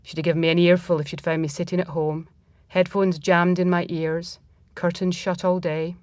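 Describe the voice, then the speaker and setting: A woman reads a first-person story aloud in a reflective, measured way. Her voice sits fairly low, and the recording is dry and close, with no room sound. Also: little pitch movement, darkish tone, dry recording.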